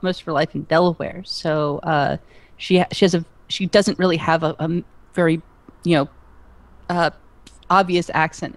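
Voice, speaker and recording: A woman's voice: on the low side, dry recording. A woman from Virginia chatting casually as a co-host on a game stream, rambling and restarting her sentences. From Virginia, United States. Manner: rambling, full of restarts and self-corrections.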